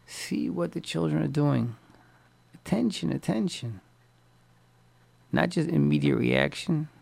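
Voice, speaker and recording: A man's voice: fairly high pitch, a little slow, creaky, darkish tone, no room sound. A man, a rabbi, delivering a storytelling sermon with speech, repeating key words and mixing in Yiddish and Hebrew terms.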